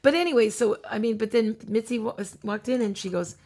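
A woman comedian telling animated stories in a casual chat, acting out the people she quotes. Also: fairly high pitch, fairly quick. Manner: animated anecdotes with acted-out quotes. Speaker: guest comedian.

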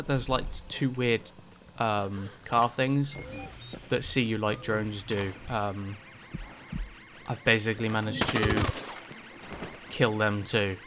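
A man's voice: on the low side, steady tone, slow pace, noisy background. A man giving casual gameplay commentary, rambling with lots of ums and likes and some swearing. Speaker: gaming channel host.

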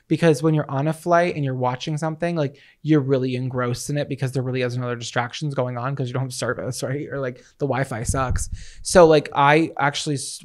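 This young man co-hosts a chatty podcast in a voice of ordinary pitch for a man. He talks playfully and giggles often. He rambles along with plenty of ums. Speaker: podcast co-host. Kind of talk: casual chat.

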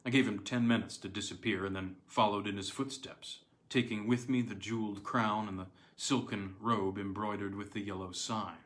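A man narrating an audiobook of a classic tale in a measured, dramatic way. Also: fairly low pitch, a bit bright. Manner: measured, dramatic storytelling with slight stumbles. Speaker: audiobook reader.

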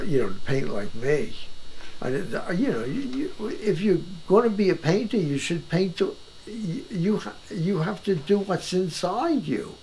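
An older man talks in a relaxed conversation in his own house. His voice is rather high and gravelly, and its pitch swings widely. He speaks emphatically and often restarts his thoughts. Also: a little hiss or hum, poor audio. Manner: animated, emphatic, with many restarts. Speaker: painter being interviewed. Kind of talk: casual conversation.

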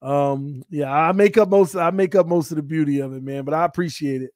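A man's voice: fairly high pitch, a little fast, darkish tone, no echo, clean studio sound. A man from Florida hosting a casual sports talk livestream, joking and trash-talking as he reads the chat aloud. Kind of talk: casual live-chat banter.

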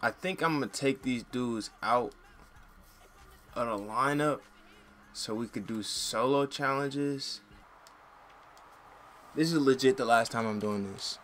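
A young man talks through his football video game in loose slang, ranting and swearing whenever a play goes wrong. His voice sits at an ordinary middle pitch, and his talk stays casual and chatty between the outbursts. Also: takes it slowly, long pauses, a little hiss or hum. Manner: slangy, frustrated, yells and curses at the game. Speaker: gaming channel host. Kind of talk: casual gameplay commentary.

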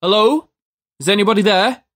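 A narrator performs a foul-mouthed, short-fused man left alone in a deserted town, and his shouts jump well above the storytelling voice. He swears and calls out in a dry, close recording. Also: high voice, a little fast, no echo, pitched above the performer's own voice. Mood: calling out. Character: stranded foul-mouthed hot-tempered man.

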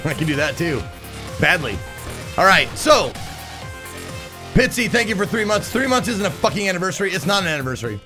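A man's voice: high-pitched, animated, fast talker, music in the background. A man casually chatting on a live stream, reading out viewer messages, swearing and laughing often. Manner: profane, laughing, reads chat aloud. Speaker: game streamer.

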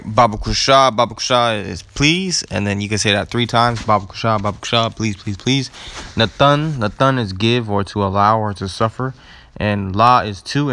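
A man with a low voice teaching scripture. He works through words slowly and deliberately, repeating them, and drops in relaxed asides as he goes. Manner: casual asides with "all right" and "man". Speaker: religious teacher. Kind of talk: scripture teaching and word study.

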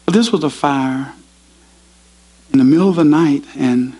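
A pastor giving a sermon in a university chapel, earnest and storytelling. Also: male voice, on the high side, normal speed, dark tone, poor audio.

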